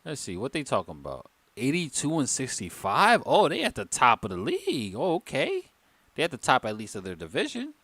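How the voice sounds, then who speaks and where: A tipsy man runs a casual livestream, joking with the chat in a very lively, swooping voice. The sound is close and dry, with no room around it. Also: medium pitch, fairly quick, no room sound. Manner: loose, joking, chatting with viewers in the chat. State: tipsy from wine. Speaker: livestream host. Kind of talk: casual live-stream chat.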